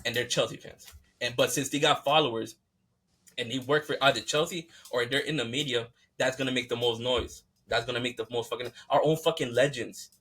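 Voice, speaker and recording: A man's voice: medium pitch, fairly even intonation, a little fast, a bit bright, slightly rough. A man hosting a podcast, ranting in a fired-up, profane, repetitive way. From United States. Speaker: podcast host. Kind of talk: heated casual rant.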